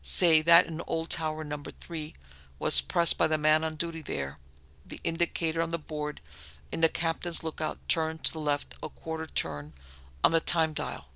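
A man narrating a story in a steady, even delivery. His voice is gravelly and slightly high, very bright and forceful. The sound is dry and close. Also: dry recording.

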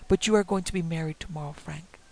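A man voicing the wailing ghost of a dead wife, cold and pleading, in a breathy, mournful tone. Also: fairly high pitch, quick pace, darkish tone, close to an everyday voice, poor audio.

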